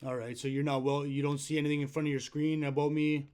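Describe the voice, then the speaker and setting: High-voiced frustrated man complaining on a call. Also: little pitch movement, quick pace, a little mellow, clean tone. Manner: frustrated, insistent, keeps asking 'right?'. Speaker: self-publishing author calling customer support.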